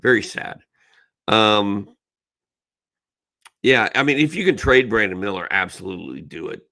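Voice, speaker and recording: A man's voice: on the low side, animated, normal speed, gravelly, bright, forceful tone. A middle-aged man hosting a casual live-stream Q&A. He reads viewers' questions aloud, then gives blunt, emphatic advice. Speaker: fantasy basketball analyst hosting a live Q&A.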